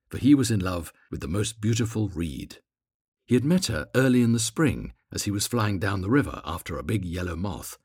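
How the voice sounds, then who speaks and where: A man reading a fairy tale aloud, expressive and gently dramatic. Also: deep voice, slightly rough, no room sound, studio quality. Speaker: narrator.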